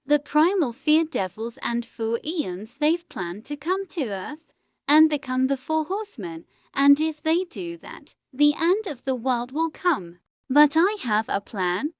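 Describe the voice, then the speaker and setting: A woman's voice: sits high, big pitch swings, measured pace, no echo, studio quality. A woman voicing a small halfling warlock girl with a strong British accent, grave and weary. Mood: solemn. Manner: solemn, weary.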